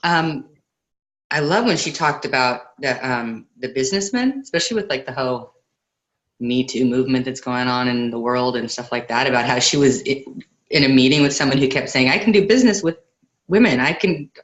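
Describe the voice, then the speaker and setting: A woman co-hosting an online book club discussion, chatty and quick to laugh. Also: very deep voice, highs cut off. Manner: chatty, laughs often, quotes others in voices.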